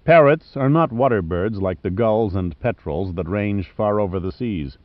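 With a lowish voice and a measured, even manner, a man reads an adventure novel aloud as an audiobook narrator following a script. The studio recording is dry and a little muffled.

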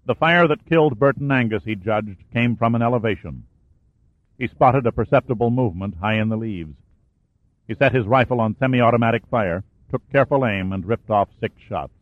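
A man reading a war thriller aloud as an audiobook narrator, in steady storytelling. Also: medium pitch, moderate pace, no echo. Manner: steady storytelling, lifts and raises his voice for shouted dialogue. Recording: dry, tinny phone-like sound.

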